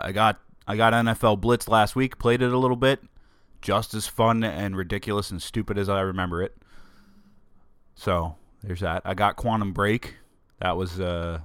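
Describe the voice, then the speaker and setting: A man's voice: deep voice, fairly bright tone, no room sound, studio quality. A man with a sore throat hosting his own podcast from a home office, rambling and joking at his own expense. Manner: joking, self-mocking rambling. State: sore throat, under the weather. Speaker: podcast host. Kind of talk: casual solo podcast monologue. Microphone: desk microphone.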